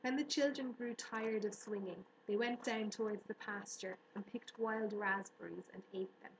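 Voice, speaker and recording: A woman reads a storybook aloud in a steady, even manner. Her voice rings slightly in the room, with a faint hiss underneath. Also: mid-range voice, moderate pace, echoey room, poor audio. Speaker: narrator. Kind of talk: audiobook reading.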